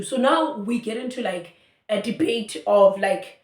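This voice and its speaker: A young South African woman telling a story in a chatty, animated way, full of fillers. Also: fairly high pitch, measured pace, echoey room. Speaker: YouTuber. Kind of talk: storytime vlog.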